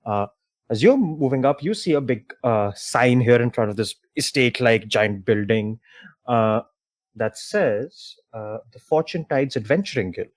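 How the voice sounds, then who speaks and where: Game master, man, slow-paced, halting and filler-heavy narration, dry sound. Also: mid-range voice, lively intonation, dry recording.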